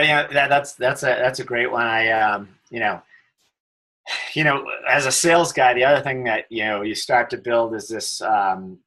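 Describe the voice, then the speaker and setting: A man's voice: lowish voice, bright, forceful tone, rough recording. A middle-aged man, a telecom executive, telling stories as a podcast guest, with many fillers and restarts. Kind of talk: casual interview storytelling.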